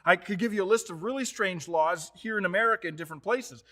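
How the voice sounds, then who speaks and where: High-voiced, bright, animated male pastor. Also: quick pace, hardly any pauses. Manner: animated storytelling, paraphrases scripture in modern speech; swings from loud emphasis to low quiet tones. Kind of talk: sermon.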